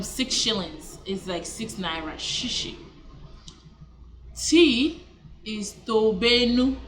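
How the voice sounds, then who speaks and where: Medium in pitch and fairly bright, a female language teacher's voice carries a casual vlog lesson where she slowly repeats each word, corrects herself and keeps up a chatty manner.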